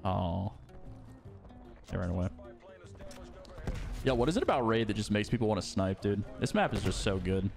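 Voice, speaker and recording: Young man, gameplay commentary, excitable, lively pitch, faint music and gunfire behind. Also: normal speed, vocal fry, pauses often. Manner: excitable, swings from mumbling to yelling. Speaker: gaming YouTuber. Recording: game gunfire and music underneath. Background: game gunfire and music.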